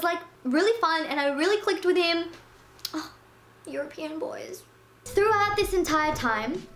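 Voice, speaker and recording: Chatty young woman, high voice, echoey. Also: a little hiss or hum. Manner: chatty, full of "like", acts out other people's lines. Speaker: vlogger. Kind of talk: casual storytime. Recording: echoey room with faint music.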